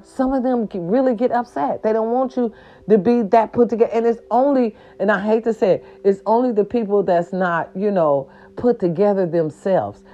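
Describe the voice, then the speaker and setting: A woman rants straight at her viewers, sassy, profane and emphatic. Her voice is mellow and warm. The recording sounds a little dull and lo-fi. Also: medium pitch. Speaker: vlogger. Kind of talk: casual ranting monologue.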